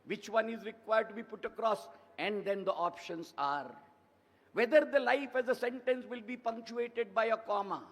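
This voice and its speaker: A man's voice: sits high, normal speed. A man in his seventies with an Indian English accent, giving a formal ceremonial address in an emphatic, oratorical way and piling up repeated phrases. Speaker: convocation speaker. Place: large convocation hall. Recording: echoey hall reverb.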